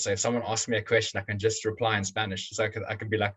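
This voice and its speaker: A young man being interviewed as a guest, talking in a relaxed, rambling way with lots of restarts. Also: on the low side, racing, hardly any pauses, husky, poor audio. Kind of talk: casual interview chat.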